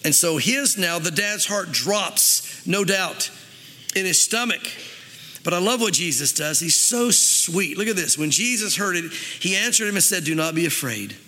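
A man's voice: sits high, measured pace, sharp tone, long reverb tail. A man preaching a sermon as pastor, earnest and conversational, with restarts and asides, in a church.

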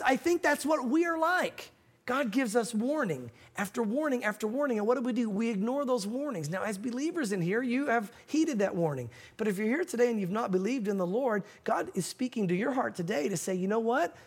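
A man's voice: extremely high pitch, expressive, brisk. A male pastor preaching a sermon, telling a story with acted-out quotes and teaching from a Bible verse.

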